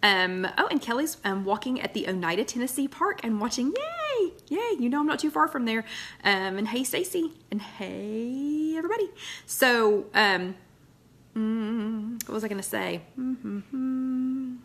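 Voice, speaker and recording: A woman's voice: on the high side, lively intonation, a little slow, a bit bright. A woman hosting a casual live chat from her loft at home, rambling and greeting viewers one by one. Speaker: host of a live weight-loss chat.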